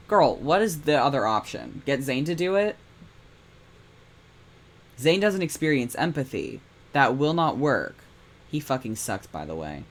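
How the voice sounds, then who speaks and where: A man's voice: mid-range voice, expressive, unhurried. A British man giving casual, blunt, swearing commentary while playing through a game. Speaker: streamer.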